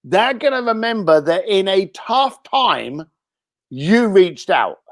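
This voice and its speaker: A British man, a guest on an interview show, giving casual advice in an animated way and acting out what people might say. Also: high voice, slow pace, no room sound, clean studio sound. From Britain. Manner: animated, acts out quoted speech.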